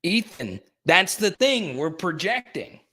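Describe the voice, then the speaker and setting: Excitable man hosting a sports stream. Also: high voice, takes it slowly, breathy edge. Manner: excitable, talks straight to the chat, repeats himself. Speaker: sports live stream host. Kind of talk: casual live stream chat.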